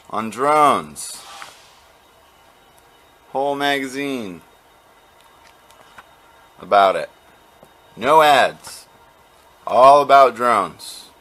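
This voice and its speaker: A man's voice: mid-range voice, lively intonation, drawn-out words, pauses often, a bit bright. A man talking casually to a home camera, rambling with fillers and repeated words. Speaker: vlogger. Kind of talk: casual home video talk.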